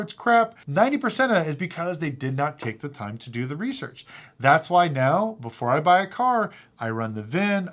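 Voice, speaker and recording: A man who deals cars, casually telling a story to the camera and acting out both sides of the conversations. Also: a little high. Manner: animated anecdotal, acts out both sides of conversations. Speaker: car dealer and channel host.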